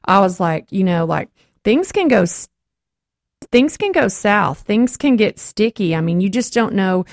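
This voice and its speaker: A woman with a drawl hosts a Christian talk program and shares a testimony in a lively, storytelling manner. She slips into the voices of the people she quotes as the story unfolds. Her voice sits in a middle range and is recorded dry and close, with no room sound. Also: medium pitch, unhurried, no echo. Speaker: host of a Christian talk show.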